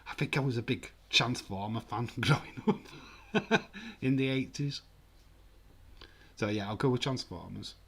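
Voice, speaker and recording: A man's voice: mid-range voice, measured pace, gravelly, long pauses, slightly rough. A man in his forties with a Yorkshire accent, hosting a casual livestream, joking, laughing often and reading out viewer comments. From England. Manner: jokey, laughs often, mild swearing. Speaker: livestream host.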